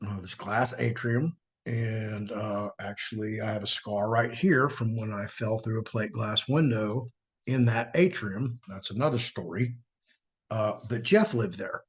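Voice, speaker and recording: A middle-aged man hosting his own show tells a personal story casually, animatedly acting out the quotes in a raised voice. His voice sits on the low side with a breathy edge.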